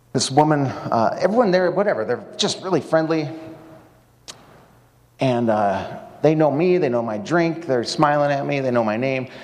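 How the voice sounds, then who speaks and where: A man preaching at a seminar. He tells his stories in a relaxed, conversational way and drops in dry jokes, at a mid pitch typical for a man. His voice carries a long hall reverb. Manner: conversational storytelling with wry asides. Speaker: pastor. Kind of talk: sermon at a seminar.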